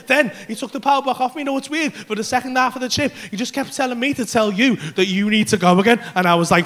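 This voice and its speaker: A male comedian telling a wild story on a club stage, animated and full of swearing. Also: extremely high pitch, fast talker, few pauses. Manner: animated, swears constantly, acts out voices and screams. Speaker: stand-up comedian. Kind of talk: stand-up storytelling.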